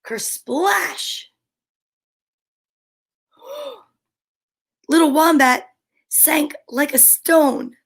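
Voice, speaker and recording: A woman reading picture books aloud to children, gentle and encouraging, asking questions and counting along with them. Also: high voice, big pitch swings, very slow, creaky, long pauses. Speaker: children's story reader.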